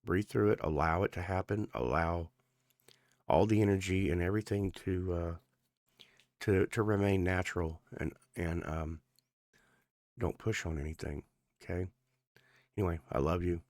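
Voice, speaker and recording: A man's voice: low-pitched, moderate pace, pauses often, darkish tone, no room sound, studio quality. A man giving a casual tarot reading in an earnest, rambling way, with many fillers and restarts, his speech a little thick from sore gums. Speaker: tarot reader.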